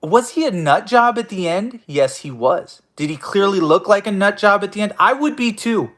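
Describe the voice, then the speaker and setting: A man with a noticeably high-pitched voice rants at his listeners as host of his own show. He swears constantly, talks in a confrontational tone and keeps stumbling into restarts. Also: animated, normal speed, a bit bright. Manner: profane, confrontational, stammering restarts. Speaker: host of an online audio room show. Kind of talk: angry ranting monologue.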